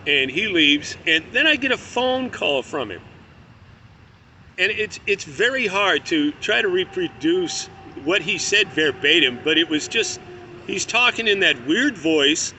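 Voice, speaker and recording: A man recounts a personal story in a loose, conversational way, cursing as he goes. His voice sits high and rings very bright and sharp, with faint street and traffic noise behind him. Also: lively intonation, moderate pace. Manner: candid, profane, conversational. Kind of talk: casual spoken storytelling.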